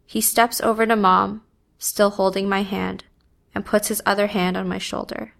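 A woman reading a first-person story aloud in a subdued, even manner. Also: medium pitch, creaky. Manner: slow, even, subdued delivery. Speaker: narrator.

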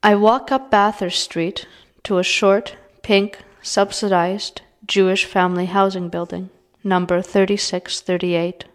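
A woman reading her own short story aloud in a measured, even way. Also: medium pitch, smooth.

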